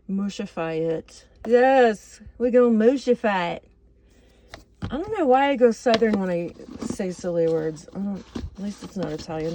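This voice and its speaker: In a motorhome kitchen, a vlogger cooks and chats casually, rambling and laughing at her own slips in a self-deprecating way. Her voice sits lowish, and the background is noisy.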